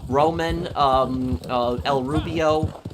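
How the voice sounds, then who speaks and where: A man streaming a game, chatting casually and answering super chats in a halting, opinionated, rambling way. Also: medium pitch, fairly even intonation, background noise. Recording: game sounds with horses behind.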